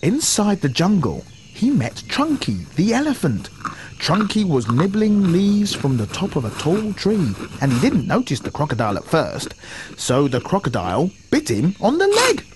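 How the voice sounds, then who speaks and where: A man's voice: on the high side, huge pitch swings, moderate pace, darkish tone, slight background noise. A man with a British accent, a voice artist reading ads and narration in a cheerful announcer delivery. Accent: British English. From Britain.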